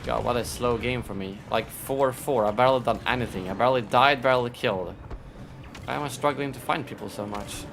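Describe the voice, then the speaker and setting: A man's voice: medium pitch, brisk. A man streaming a shooter game live, chatting casually, thinking aloud, grumbling at his play and thanking donors. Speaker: gaming streamer. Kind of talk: casual live-stream commentary while playing. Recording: clear background noise.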